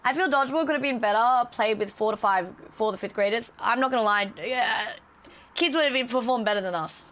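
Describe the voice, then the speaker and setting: A woman chatting on a live stream, telling animated stories with a lot of swearing and laughter. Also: a little high, brisk. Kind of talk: casual stream chat and storytelling.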